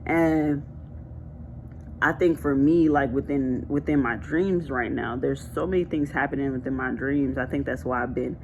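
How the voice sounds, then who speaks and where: A woman's voice: very deep voice, steady tone, moderate pace, a little hiss or hum. A woman talking casually to camera, sharing a spiritual message in a chatty, colloquial and emphatic way. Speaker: vlogger sharing a prophetic word.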